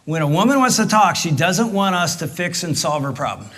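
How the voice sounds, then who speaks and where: A middle-aged man gives a marriage talk at church in a slightly high voice. He speaks directly and emphatically, pressing the men in the audience with pointed questions. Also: big pitch swings, brisk, fairly bright tone. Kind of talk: conversational church teaching.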